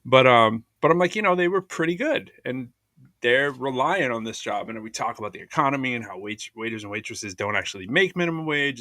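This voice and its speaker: With a mid-range voice and no room sound, this man in his thirties co-hosts a laid-back podcast chat. Telling his stories with real animation, he acts out each person he quotes.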